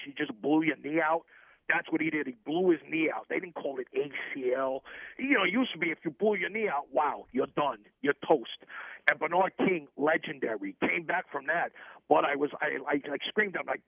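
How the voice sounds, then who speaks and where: A man puts on a brash, shady middle-aged hustler with a thick North Jersey accent. His voice is raspy and gravelly, a little high for a man, and he rambles through one boast and hard sell after another. It comes over a tinny, dry phone line. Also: dry recording. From New Jersey. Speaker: comic caller character. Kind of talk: comedic sports radio bit.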